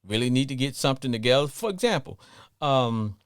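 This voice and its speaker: Animated Southern man hosting sports radio. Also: medium pitch, a little fast, clear, resonant tone. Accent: Southern US, Louisiana. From Louisiana. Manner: animated, sing-song, laughs often. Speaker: radio talk show host. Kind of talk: call-in sports talk.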